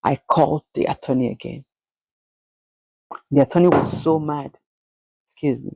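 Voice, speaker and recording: A woman vlogger telling a personal story in an emotional, halting way, often repeating words. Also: low-pitched, fairly even intonation, vocal fry, dark tone, breathy edge, no room sound, poor audio.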